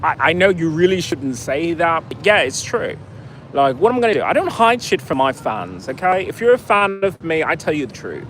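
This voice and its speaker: A man's voice: fairly high pitch, very animated, fairly quick, a bit bright, a little hiss or hum, low-quality recording. A man telling a story in a profane, sarcastic rant, outdoors in a city. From United States. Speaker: vlogger. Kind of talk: casual ranting storytelling.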